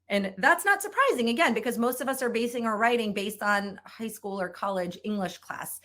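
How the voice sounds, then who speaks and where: A woman's voice: mid-range voice, fairly bright tone. Woman, middle-aged, sales trainer, conference keynote, upbeat, emphatic, repeats herself for effect.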